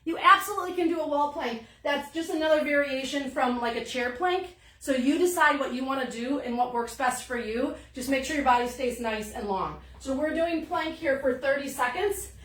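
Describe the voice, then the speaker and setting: High-voiced upbeat female fitness coach. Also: moderate pace, hardly any pauses, a bit bright, roomy sound, distant mic. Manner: upbeat, encouraging, counts reps aloud. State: a little out of breath. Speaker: fitness instructor. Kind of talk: live-streamed workout coaching.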